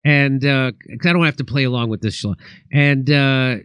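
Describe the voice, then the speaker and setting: A man's voice: medium pitch, fairly even intonation, normal speed, fairly bright tone, clean tone, no echo. A man who is a comedian and host, telling rambling comic stories in casual chat, full of restarts and acted quotes.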